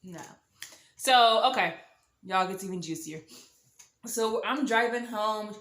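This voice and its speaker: A woman's voice: mid-range voice, slow, pauses often, fairly bright tone, echoey room. Sassy young woman telling a storytime. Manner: sassy, dramatic, slangy, mock-shocked asides. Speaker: storytime vlogger. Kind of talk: animated storytime monologue.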